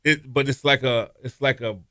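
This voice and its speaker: Guest: middle-aged man, lively storyteller, bright dry sound. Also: moderate pace, no echo. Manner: animated storyteller, acts out quotes with raised pitch, laughs often. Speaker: former college quarterback, guest. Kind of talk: casual storytelling interview.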